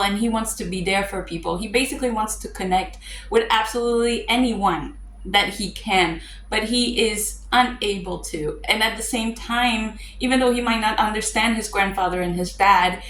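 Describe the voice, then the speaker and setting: A woman's voice: mid-range voice, a bit bright, slight background noise. Chatty woman reviewing a movie, roomy echo. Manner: chatty, with fillers and wry asides. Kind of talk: casual movie breakdown.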